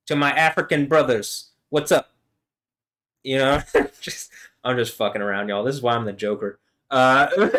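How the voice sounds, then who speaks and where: Rambling, profane man vlogging alone. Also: medium pitch. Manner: rambling, profane, swings between mumbling and loud laughing. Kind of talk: rambling monologue.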